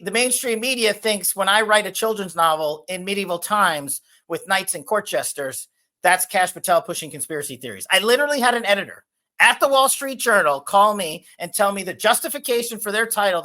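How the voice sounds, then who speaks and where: Forceful man talking politics. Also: sits high, animated, brisk. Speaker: guest. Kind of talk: emphatic political interview talk.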